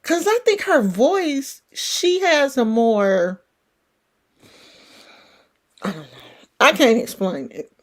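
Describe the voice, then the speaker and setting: A middle-aged woman talks in a rambling, folksy way with a California country twang. Her voice sits on the high side and swings widely in pitch. She takes her time and never hurries. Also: animated, slow pace, pauses often. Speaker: livestream host. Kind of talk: casual chat.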